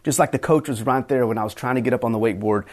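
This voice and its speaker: Man, middle-aged, pastor, sermon, earnest, repeats himself when restarting phrases, mid-pitched voice. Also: very fast, a little mellow.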